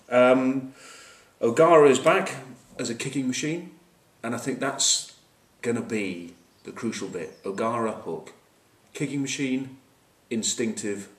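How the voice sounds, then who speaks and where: A man giving a casual rugby match preview, wry and joking, with lots of fillers and asides, recorded on a camcorder at a distance. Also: mid-range voice. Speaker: rugby pundit. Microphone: camcorder mic at a distance. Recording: roomy, distant camcorder sound.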